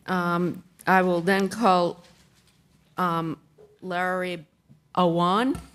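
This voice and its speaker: A woman chairing a council meeting, reading out the names of the next speakers hesitantly. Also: fairly low pitch. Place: city council chamber.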